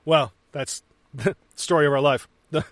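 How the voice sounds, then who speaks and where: A man's voice: fairly high pitch, measured pace, dry recording. A man co-hosting a podcast, chatting casually about a movie, swearing freely and laughing often. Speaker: podcast co-host. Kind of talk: casual movie commentary chat.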